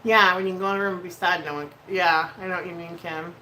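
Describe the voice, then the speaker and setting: A woman's voice: on the low side, steady tone, fast talker, bright, forceful tone, a little hiss or hum, low-quality recording. A woman hosting a casual livestream while doing her makeup, emotional and venting, swearing freely and laughing often. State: emotional, near tears. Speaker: livestream host.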